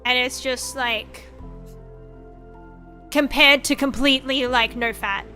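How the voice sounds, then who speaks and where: A young woman streaming a casual chat, her voice high and bright. She rambles in a frank, profane, animated way, and faint music plays behind her. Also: takes it slowly. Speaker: VTuber streamer.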